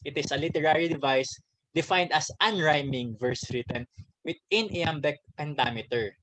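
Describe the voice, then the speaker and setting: A Filipino man with a Filipino accent, a teacher giving a casual online lesson, talking directly to his students in halting phrases with many restarts. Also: on the high side, a bit bright, no echo, low-quality recording. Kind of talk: online class lesson, mixing English and Bisaya.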